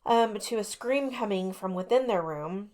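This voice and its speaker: A woman's voice: medium pitch, lively intonation, moderate pace, darkish tone. A woman co-hosting a radio talk show, casually retelling ghost stories with lots of fillers and skeptical asides. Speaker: podcast co-host.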